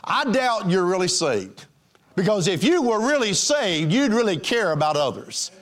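Lively-pitched preaching man. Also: moderate pace. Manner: emphatic, rising and falling preaching cadence with frequent fillers. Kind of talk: sermon.

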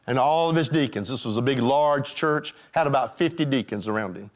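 A man's voice: medium pitch, a little fast. A man preaching a sermon as pastor, calling out questions to his congregation. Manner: emphatic preaching, calls out to the congregation.

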